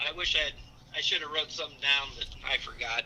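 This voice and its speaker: A middle-aged man on a casual call-in chat as a guest, rambling and halting with restarts. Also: on the high side, bright, forceful tone, rough recording.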